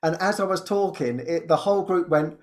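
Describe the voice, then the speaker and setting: A man who hosts a spiritual show, telling a personal story in a casual, animated way and laughing often. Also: fairly quick. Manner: animated storytelling, laughs often, jumps high when quoting. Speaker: spiritual teacher and podcast host.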